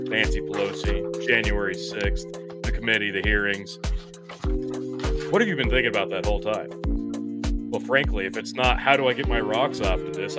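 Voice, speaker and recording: A man co-hosting a comedic podcast, reading listener comments and building up a segment in a mock-dramatic showman style. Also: on the low side. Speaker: podcast co-host. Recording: loud guitar music underneath.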